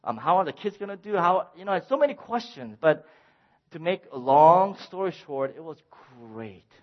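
A middle-aged man preaching a sermon as pastor, conversational with restarts, at times rising to impassioned shouting. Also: fairly high pitch. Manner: builds to impassioned shouting, then apologizes. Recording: dull lo-fi sound.

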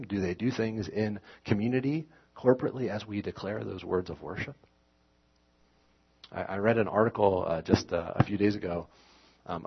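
Man, pastor, sermon, low voice, husky, slightly lo-fi recording. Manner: conversational, self-correcting, rises into emphatic scripture reading.

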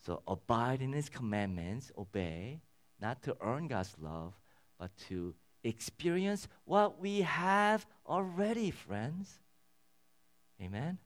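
Male pastor, sermon, animated pitch, earnest, loud peaks and hushed lows. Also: takes it slowly. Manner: earnest, swings between loud emphatic peaks and soft low passages.

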